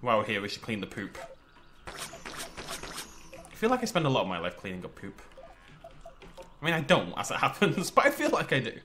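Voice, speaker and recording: With a lowish, sharp voice that swings widely in pitch, a northwest English gaming host talks at a moderate pace and pauses often. There's a little hiss or hum as he chats, exclaims, and mutters to himself during his let's play.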